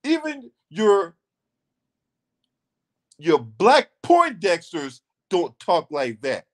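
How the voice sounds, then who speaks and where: A man's voice: high-pitched, huge pitch swings, extremely slow. A man hosting his own channel, giving a ranting commentary that is emphatic and profane, and repeating lines for stress.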